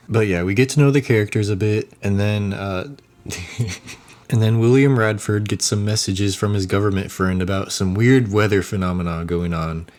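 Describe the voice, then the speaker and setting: A young man with a somewhat low voice talks through a movie review in a loose, rambling way. He chuckles often and mocks what he describes in a sarcastic, casual tone. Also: a little mellow. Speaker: YouTuber reviewing a movie while sculpting.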